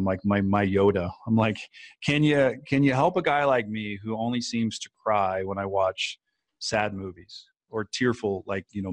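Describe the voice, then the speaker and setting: A man's voice: fairly low pitch, no room sound. Earnest, rambling man with a dry sound. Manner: earnest, reflective, rambling with many fillers. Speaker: podcast guest or co-host, author. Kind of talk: casual conversation.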